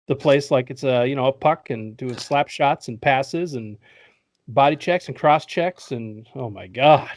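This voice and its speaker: A man's voice: mid-range voice, a little slow, dry recording. A man hosting a casual podcast, recapping a movie in a joking, profane way and laughing often. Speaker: podcast host.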